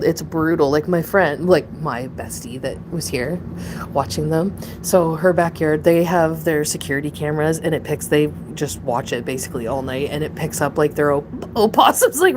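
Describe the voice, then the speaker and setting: Chatty woman, low voice, noisy room. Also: expressive, normal speed. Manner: rambling, chatty, laughs often, coos at pets. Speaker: pet vlogger. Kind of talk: casual live chat with pets. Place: home, indoors.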